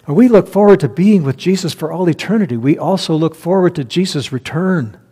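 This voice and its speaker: A man's voice: fairly high pitch, a little fast, warm tone, breathy edge. A man preaching a conversational sermon as pastor, reading scripture aloud and laughing at his own slips. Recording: long hall reverb.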